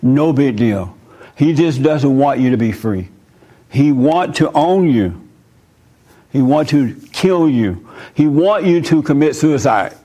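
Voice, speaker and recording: A man's voice: mid-range voice, animated, takes it slowly, warm tone. A man preaching informally and answering listener questions, speaking conversationally, telling personal stories and chuckling often. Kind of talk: informal sermon.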